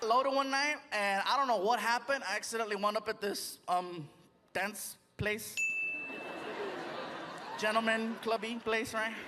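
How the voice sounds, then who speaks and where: Mexican-American stand-up comic with a very high voice, animated storyteller, noisy live room. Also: male voice, measured pace. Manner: animated, switches into character voices, laughing at his own jokes. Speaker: stand-up comedian. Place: comedy club stage with audience. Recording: loud room noise under live stage audio.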